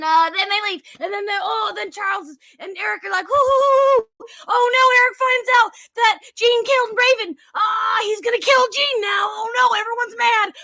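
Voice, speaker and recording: A woman tears through a comedic movie recap in a breathless, sarcastic play-by-play. Her voice sits very high and sounds bright and sharp. The recording is dry and close, with no room sound. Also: no echo. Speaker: podcast co-host.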